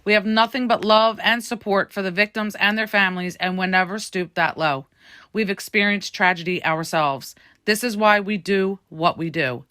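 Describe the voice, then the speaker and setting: A woman's voice: mid-range voice, normal speed, bright, forceful tone. A woman hosting a casual podcast chat, playful and giggly, cracking jokes as she goes. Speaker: podcast host.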